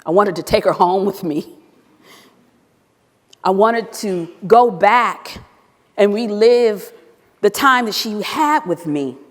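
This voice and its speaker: A woman and former teacher telling a personal story in a talk, animated and acting out the dialogue. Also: mid-range voice, takes it slowly, pauses often. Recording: long reverb of a hall.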